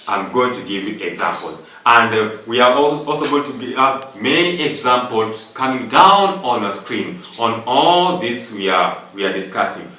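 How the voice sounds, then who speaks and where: A man's voice: mid-range voice, expressive, normal speed, few pauses, sharp tone. A man teaching an English grammar lesson, going step by step through rules and repeating them with examples. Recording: echoey room from far off.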